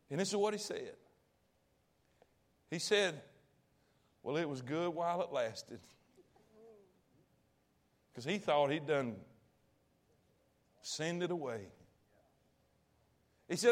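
A man preaching a sermon, telling a story in a folksy, colloquial way, swinging from loud to hushed and asking the audience questions. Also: a little high, sing-song, slow, long pauses. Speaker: pastor.

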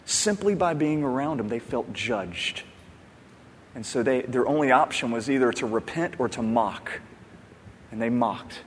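A pastor giving an emphatic, conversational sermon. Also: male voice, medium pitch, animated, measured pace, a little hiss or hum. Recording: long hall reverb.

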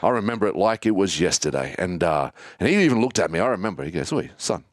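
Low-voiced man telling a story. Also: quick pace, dry recording, clean studio sound. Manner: animated, acts out childhood voices. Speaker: guest telling his life story. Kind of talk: casual storytelling in an interview.

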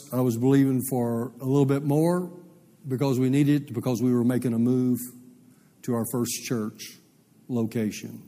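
A man's voice: mid-range voice, dark tone. A man pastor telling a personal story in a sermon, rambling and folksy with many fillers. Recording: long reverb of a church hall.

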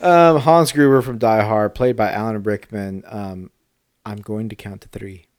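A man's voice: lowish voice, fairly even intonation, normal speed, dry recording, studio quality. A middle-aged man co-hosting a podcast in casual chat, talkative and tripping over his words now and then. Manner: chatty, trips over words. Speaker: podcast co-host.

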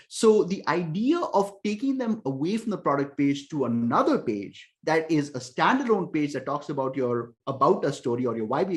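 Animated man explaining with emphasis. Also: a little high. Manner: animated explainer, emphatic, repeats words when thinking. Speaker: podcast guest, ecommerce conversion expert. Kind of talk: casual podcast interview.

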